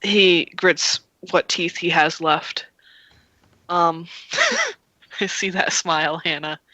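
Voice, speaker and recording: A game master narrating a streamed tabletop game, talking in a halting way with restarts and laughs. The voice is bright and a bit sharp, and the sound is dry and close on a home mic. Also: mid-range voice, steady tone, dry recording, rough recording.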